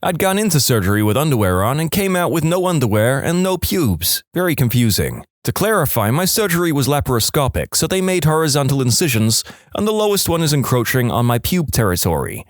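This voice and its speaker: Lively man reading stories. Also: medium pitch, brisk, no echo, clean studio sound. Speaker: story narrator. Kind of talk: reading submitted stories aloud.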